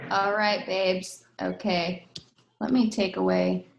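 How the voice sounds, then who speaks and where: A woman's voice: medium pitch, little pitch movement, slow, gravelly. A woman coach co-presenting a casual online training webinar, chatty with apologetic asides. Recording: roomy echo, a bit off-mic.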